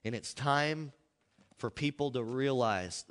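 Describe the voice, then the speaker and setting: A man's voice: medium pitch, animated, unhurried. Impassioned male preacher in an echoey hall. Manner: impassioned, swinging between loud outbursts and hushed asides. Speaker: pastor. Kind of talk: sermon. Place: church.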